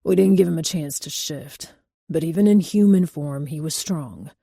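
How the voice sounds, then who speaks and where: A woman voicing a gruff, bearded male wolf-shifter warrior who talks bluntly. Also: deep voice, normal speed, dark tone, no echo, exaggerated voice. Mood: grim.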